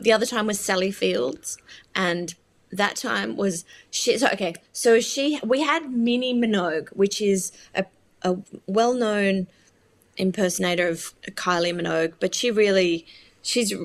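A woman being interviewed about her film, talking in a halting, self-deprecating, openly emotional way. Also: mid-range voice. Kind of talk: casual interview conversation.

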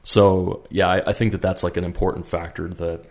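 Deep-voiced man rambling in casual chat. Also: little pitch movement, moderate pace, a little mellow. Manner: rambling, many fillers and restarts, acts out quotes. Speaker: podcast co-host.

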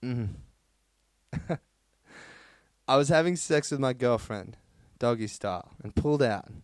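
A man's voice: mid-range voice, animated, measured pace, dry recording. A man hosting a podcast, reading out listener stories in casual chat, swearing freely and laughing between lines. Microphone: close podcast mic.

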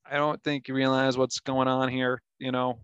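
A man voicing a smug, cruel male alien warlord in a nerdy, nasal voice with flat, deadpan boasting. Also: medium pitch, moderate pace, smooth, no echo, muffled recording, close to an everyday voice. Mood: taunting.

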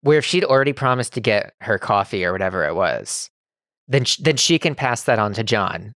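A man's voice: fairly low pitch, expressive, brisk, a bit bright, no room sound, studio quality. A man co-hosting a podcast in casual chat, opinionated and arguing his point. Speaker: podcast co-host.

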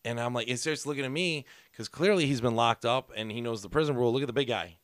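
A man, a comedian, telling a story in casual podcast chat, animated and full of swearing. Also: mid-range voice, fast, smooth, no room sound, clean studio sound.

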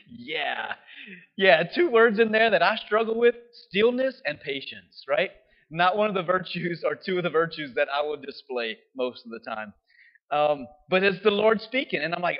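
A man's voice: a little high, animated, measured pace. A man preaching a sermon in a conversational way, often checking in with his listeners by asking "right?". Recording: dull lo-fi sound.

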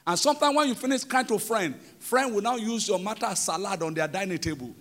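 A man with a Nigerian accent preaching a sermon in a church service. He preaches emphatically, asks the congregation questions, and swings between shouts and quiet passages. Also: high-pitched, fast. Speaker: pastor.

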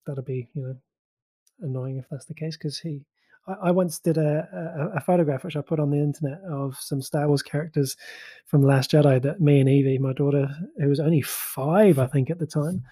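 A man's voice: a little high, dark tone, breathy edge, no room sound. A man co-hosting a podcast, reading pop-culture news in a chatty, rambling way with many fillers. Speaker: podcast co-host.

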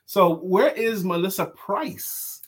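A man hosting a casual livestream chat, animated and emphatic, repeating his key phrases. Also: high voice, slow pace. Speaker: show host and sales coach.

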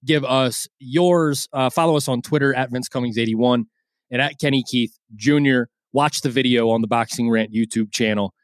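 A man's voice: medium pitch, normal speed, no echo, clean studio sound. A man co-hosting a boxing podcast in casual, crude, joking banter. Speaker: podcast co-host.

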